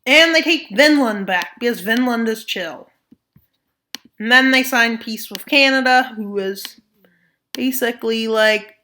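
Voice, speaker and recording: A woman's voice: a little high, unhurried, pushed and bright, slight background noise. A woman narrating a map scenario video, with playful jokes and asides. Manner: joking asides, playful mock voices. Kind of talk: casual commentary over a map scenario.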